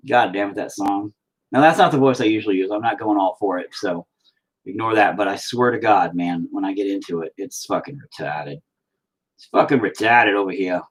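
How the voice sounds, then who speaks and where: A man's voice: lowish voice, fairly quick, husky. A man chatting casually as he paints, rambling, swearing and joking at his own expense. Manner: rambling, profane, self-mocking. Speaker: painting vlogger. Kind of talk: casual chat while painting.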